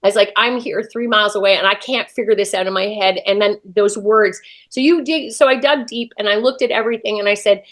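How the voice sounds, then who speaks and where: A woman's voice: mid-range voice, fairly quick, few pauses, a bit bright. A woman, an interview guest, telling a personal story with feeling and acting out her own past thoughts. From Canada.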